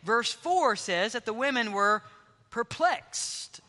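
A man preaching as pastor, emphatic, often dropping to hushed tones for stress. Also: extremely high pitch, lively intonation, slow pace. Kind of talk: sermon. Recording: long hall reverb.

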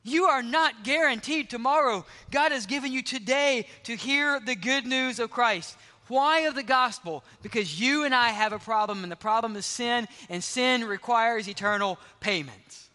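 A male pastor delivers a sermon in a high, bright voice. He preaches emphatically and often drops to a hush for stress. His words ring out in a large hall with a long reverb. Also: normal speed. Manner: emphatic preaching, dropping to hushed tones for stress.

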